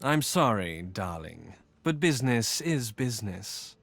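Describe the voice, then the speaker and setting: A purring seductive con-man who teases his victim in a video game. His voice is low and unhurried, dry and close. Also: big pitch swings, vocal fry, a bit bright, no room sound, faint music behind, exaggerated voice. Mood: teasing. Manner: teasing, purring, condescending. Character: smooth, seductive male con-man lover.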